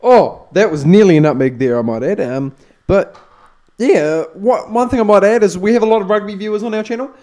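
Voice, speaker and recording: A man's voice: sits high, a little fast, a little mellow. A man joining sports commentary as the social media presenter, hesitant and jokey, full of fillers. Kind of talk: comedic banter.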